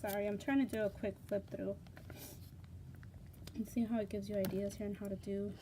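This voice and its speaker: A woman hosting a casual craft unboxing vlog, gushing and excitable, with lots of fillers and repeated words. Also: medium pitch, brisk, background noise. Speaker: craft channel host.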